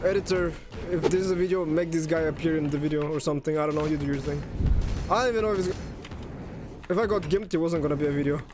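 A man commentating his own fighting-game stream, excitable and swearing, yelling at big plays. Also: fairly high pitch, quick pace, noisy background.

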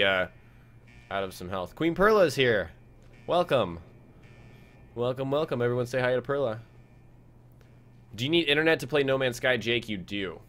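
Casual male game streamer chatting. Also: mid-range voice. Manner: relaxed, reads chat aloud, frequent fillers. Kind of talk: casual live-stream chat over gameplay.

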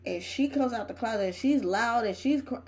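A woman hosting her own horror reaction channel, talking back to the screen in an emphatic, excitable, chatty way. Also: on the high side, fairly quick, breathy edge, rough recording. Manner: chatty, uses homespun comparisons. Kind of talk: casual reaction commentary.

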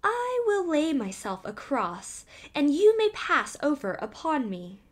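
A woman's voice: sits high, big pitch swings, slow, voice pushed up, heavily acted. A woman voicing a small talking straw that eagerly offers to help.

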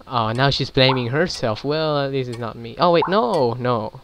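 A man's voice: medium pitch, a little slow, few pauses, fairly bright tone, slight background noise. A man casually commenting as he plays a story game, thinking aloud about which choice to pick. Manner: chatty, reacts aloud while thinking through choices. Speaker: gaming channel host.

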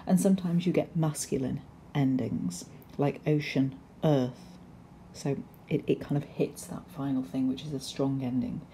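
A woman's voice: deep voice, warm tone, slight background noise. A woman teaching a recorded poetry lesson over slides, explaining steadily with frequent ums and restarts. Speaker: English teacher.

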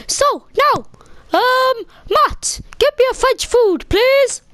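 A woman's voice: very high-pitched, lively intonation, slow pace, a bit bright, voice pushed up, exaggerated voice. A woman voicing a cheerful female French teacher who is poor at French, dropping in mock French phrases during a game role-play. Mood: gushing.

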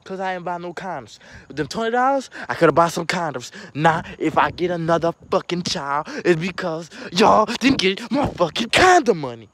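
A man's voice: high voice, lively intonation, normal speed, a bit bright, no echo. A young man in a profane, angry rant as a sports fan who lost a bet. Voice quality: profane, ranting. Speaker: disappointed fan.

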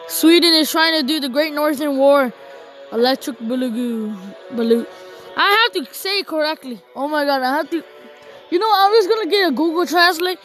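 A young gamer casually commenting on a strategy game she plays, rambling to herself and giving shout-outs to viewers. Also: high-pitched, normal speed, long pauses, soft background music, poor audio. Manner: rambling, talks to herself while playing. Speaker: gaming channel host.

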